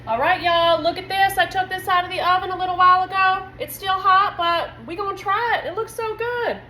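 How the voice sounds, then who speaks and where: A woman hosts a home cooking video. She chats in a folksy, friendly way straight to her viewers, and her voice sits high. Her kitchen sounds echoey, with faint room noise behind her. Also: steady tone, fairly quick, sharp tone. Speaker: home cooking channel host. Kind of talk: casual cooking demo chat.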